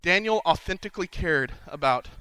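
A man preaching a sermon at a conference, swinging from hushed pleading to loud proclaiming. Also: on the high side, expressive, moderate pace, clean tone, dry recording, rough recording. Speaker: conference speaker. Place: conference hall.

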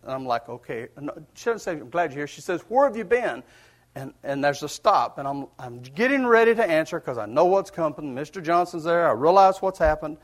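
A man preaches a sermon, easing into it with a folksy personal story. His voice sits high for a man, and his delivery is earnest and conversational, dotted with chuckles. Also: expressive, brisk, hardly any pauses.

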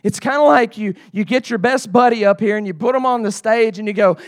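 A middle-aged man preaches in a high voice, casual and conversational one moment, earnestly pleading the next. The sound is close and dry, with little room around it. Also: brisk, few pauses, no echo. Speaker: pastor. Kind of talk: sermon.

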